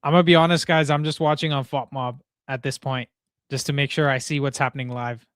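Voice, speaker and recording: A young man hosting a live football watchalong, talking excitably to chat in slangy casual speech. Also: medium pitch, brisk, no echo, clean studio sound. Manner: excitable, slangy, frequent "bro" and "dude". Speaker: watchalong host.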